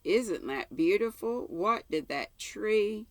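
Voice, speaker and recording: A woman's voice: medium pitch, expressive, slow pace, no echo, pitched above the performer's own voice. An older woman reading aloud and voicing a chatty, imaginative orphan girl in a breathless, eager, rambling way. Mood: eager chatter.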